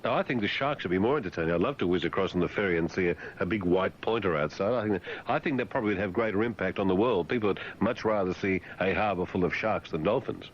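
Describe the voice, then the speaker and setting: A man's voice: low-pitched, quick pace, few pauses, muffled recording, a little hiss or hum. A man hosting talk radio, teasing and mock-condescending as he bantered with guests and callers. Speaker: radio host.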